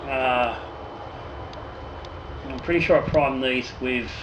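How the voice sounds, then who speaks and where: Speaking slowly in a mid-range voice, a home brewer hosting his own channel draws raffle winners and chats about brewing. His manner is jokey, with casual swearing and sentences that trail off and restart. The recording is echoey, with noticeable noise.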